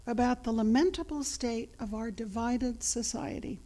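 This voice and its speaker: A woman priest preaching a sermon in a measured way, her phrase ends often trailing off into a soft whisper. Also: a little high.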